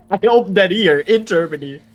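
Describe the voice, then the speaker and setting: A man's voice: sits high, lively intonation, unhurried, highs cut off, crowd noise. A man playing in a tabletop game from Germany, joking and laughing casually. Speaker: player.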